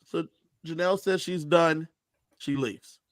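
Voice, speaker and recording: A man co-hosting a fan podcast in casual chat, mostly chiming in with short agreements and quick questions. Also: a little high, steady tone. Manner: brief agreeing interjections and quick follow-up questions. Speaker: podcast co-host.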